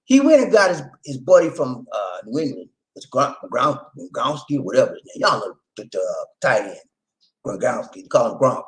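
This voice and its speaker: A man's voice: mid-range voice, brisk. A man from Charleston, South Carolina with a Gullah Geechee accent, hosting a casual live stream and reading viewer comments aloud. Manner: animated, laughing, reads chat aloud. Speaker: channel host.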